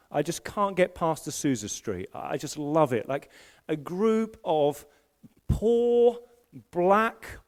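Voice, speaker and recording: A middle-aged pastor preaches a live sermon in an animated, storytelling way. His voice sits high for a man and leaps around in pitch. He restarts phrases often and jokes at his own expense. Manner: animated storytelling, self-deprecating humor, frequent restarts. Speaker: senior pastor. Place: church service in a school hall.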